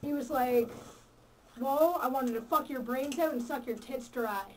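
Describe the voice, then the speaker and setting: A woman's voice: high voice, a little slow, darkish tone, distant mic, a little hiss or hum, poor audio. A woman telling a crude joke to friends, hesitant at times and swearing.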